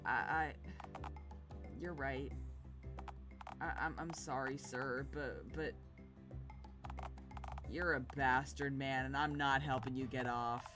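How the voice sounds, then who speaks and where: A woman voicing a timid, downtrodden young man who stammers quietly, over game music. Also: extremely low pitch, steady tone, takes it slowly, long pauses, pitched below the performer's own voice. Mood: meek.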